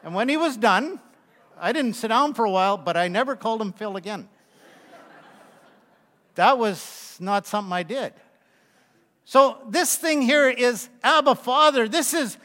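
A man's voice: extremely high pitch, lively intonation, moderate pace, a bit bright. A man in his sixties preaching a conversational sermon, telling folksy stories with asides to the congregation. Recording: long reverb of a large hall.

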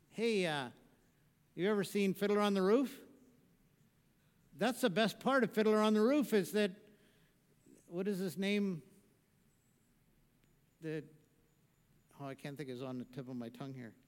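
Male pastor, sermon delivery, high-pitched voice, moves between hushed and loud preaching, long reverb of a church hall. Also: expressive, a little slow, long pauses.

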